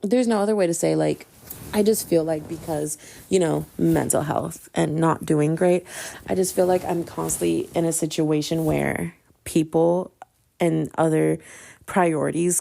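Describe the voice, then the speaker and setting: A young woman hosting a solo podcast, ranting casually and acting out what other people said, with slangy, animated storytelling. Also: lowish voice, gravelly, slight background noise. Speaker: podcast host.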